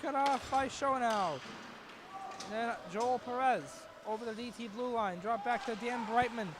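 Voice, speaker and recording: High-voiced man calling hockey play-by-play. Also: noisy background. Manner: rapid, excitable, rising to shouts on chances. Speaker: play-by-play commentator. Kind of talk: live hockey play-by-play commentary.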